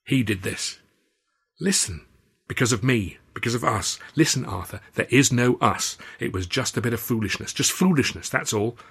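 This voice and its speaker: A man voicing a shaken young chorus girl who talks in an urgent, hushed, pleading way as an audiobook character. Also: mid-range voice, lively intonation, normal speed, creaky, husky, full character voice.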